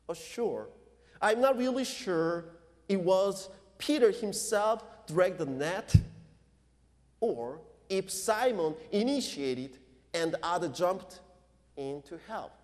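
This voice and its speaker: Slow-preaching pastor, high voice. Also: male voice. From Korea. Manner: slow, deliberate preaching with non-native English phrasing. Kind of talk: sermon. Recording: long reverb of a large hall.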